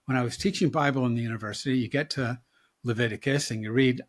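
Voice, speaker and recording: A man in his seventies, a rabbi, talks through ideas in a relaxed, reflective way. His voice is somewhat husky, and he chuckles and jokes as he goes. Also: medium pitch, quick pace. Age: 70s. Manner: reflective, wry, chuckles often. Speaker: rabbi and guest. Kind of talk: casual conversation.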